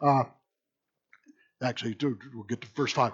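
Animated, husky-voiced male Bible teacher. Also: mid-range voice, a little fast, long pauses. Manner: lively, sardonic, animated. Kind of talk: Bible study lecture. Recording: dull lo-fi recording.

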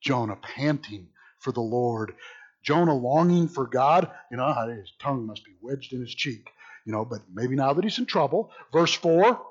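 A man teaching a Bible study in a lively, sardonic way, mixing read passages with his own wry asides. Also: mid-range voice, normal speed, slightly rough. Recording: dull lo-fi recording.

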